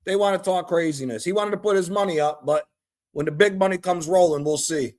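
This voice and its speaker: A man streaming a live reaction to a football match, excitable and profane, trash-talking the players. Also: sits high, brisk. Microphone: streaming mic.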